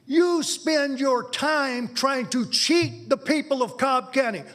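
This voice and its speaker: A man's voice: very high-pitched, a little slow, few pauses, a bit bright. A man giving an angry, insulting public comment at a county board meeting, speaking at a podium microphone.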